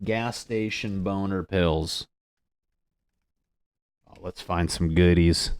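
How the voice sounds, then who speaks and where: A man's voice: low voice, takes it slowly, clean tone. A young man hosting a solo comedy podcast, rambling and swearing, laughing at his own jokes, close on the mic. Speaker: podcast host.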